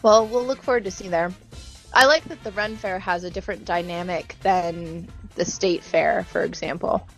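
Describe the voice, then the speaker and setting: Playful gravelly woman co-host. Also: on the low side, steady tone, moderate pace, a bit bright, soft background music. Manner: playful, joking, laughs often. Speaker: podcast co-host. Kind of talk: casual chat.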